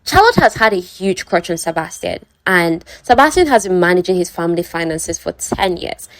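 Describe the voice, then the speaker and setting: A young woman retelling a romance novel in a chatty, animated and dramatized way. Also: on the low side, moderate pace, no echo. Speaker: book summary vlogger. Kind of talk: casual story retelling.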